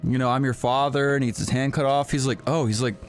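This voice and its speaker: A man's voice: medium pitch, racing, faint music behind. A young man co-hosting a let's play, telling rambling, profane stories in casual gaming chat. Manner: rambling storytelling, swears a lot.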